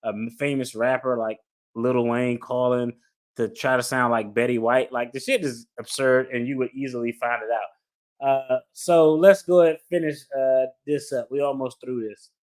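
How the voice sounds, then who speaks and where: A man's voice: medium pitch, steady tone, moderate pace. A man working as an attorney commentator, reading court documents aloud and breaking off into blunt, profane, incredulous asides.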